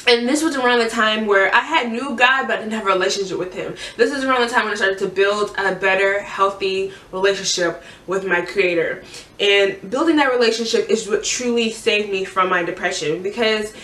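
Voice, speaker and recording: A young woman telling her own story in a halting, earnest way, restarting her sentences often. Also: mid-range voice, fairly bright tone. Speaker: vlogger sharing a personal story. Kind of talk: candid personal testimony. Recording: echoey room, mic at a distance.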